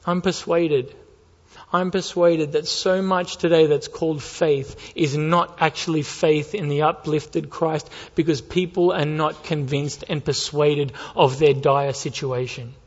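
A male pastor preaching a sermon with impassioned, rising urgency that builds to near-shouts. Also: on the high side, fairly even intonation, measured pace. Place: church sanctuary. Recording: muffled with long hall reverb.

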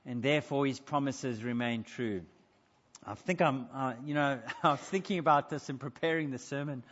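A man preaching a sermon in a church, emphatic and slowing down to stress key points. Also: mid-range voice, fairly bright tone. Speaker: pastor. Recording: dull sound in echoey church hall.

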